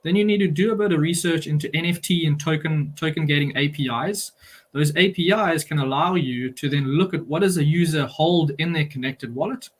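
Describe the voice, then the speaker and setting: A man on an online panel explaining his company's approach in a steady, explanatory way, with frequent fillers. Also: fairly high pitch.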